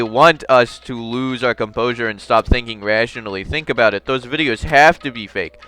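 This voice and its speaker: A man's voice: mid-range voice, moderate pace, hardly any pauses, bright, forceful tone, smooth, faint music behind. A young man playing through a game on video, reading its text aloud with jokey asides. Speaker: gamer. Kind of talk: let's play commentary and text reading.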